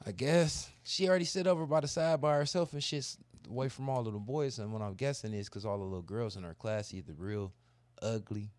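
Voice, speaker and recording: A man telling a long, animated, profane story in casual chat. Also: medium pitch, a little fast, no echo. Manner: animated, profane, acts out kids' voices. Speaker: podcast co-host telling a story.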